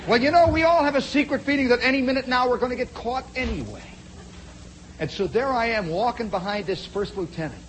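A man spins a long personal yarn with plenty of drama, his voice sitting high for a man. He swings from loud, punchy bursts to quiet asides and keeps turning to the listener. A faint hiss sits under the voice. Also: animated, quick pace, rough recording. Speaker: storyteller. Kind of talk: spoken storytelling monologue.

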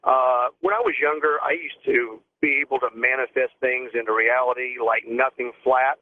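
A man in his forties calls a radio show from his car, talking quickly and eagerly. He stumbles and repeats words as he goes. His voice comes through a thin, tinny phone line. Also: mid-range voice, fairly even intonation. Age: 40s. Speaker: caller. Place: car, driving.

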